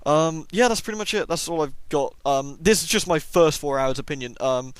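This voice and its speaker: Man, sniffly cold, rapid chatty game review, dry close sound, fairly high voice. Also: clean tone, no echo. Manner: chatty and enthusiastic, many ums. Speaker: gaming YouTuber. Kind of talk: casual first-impressions review.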